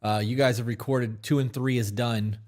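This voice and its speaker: A man's voice: medium pitch, steady tone, normal speed, a little mellow. A man co-hosting a casual live podcast, rambling with plenty of fillers and restarts. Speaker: podcast co-host. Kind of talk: casual live-stream chat.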